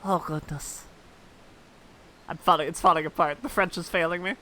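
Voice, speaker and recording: A woman's voice: lowish voice, fairly even intonation, moderate pace, sharp tone, slight background noise. A young woman streaming a game, chatting in a playful way with swearing and laughter. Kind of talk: casual live gameplay chat.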